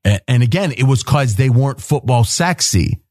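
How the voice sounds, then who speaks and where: A man hosting a sports betting roundtable, pressing the others with rapid-fire questions and often cutting in. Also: mid-range voice, animated, darkish tone, dry recording, studio quality. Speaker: host.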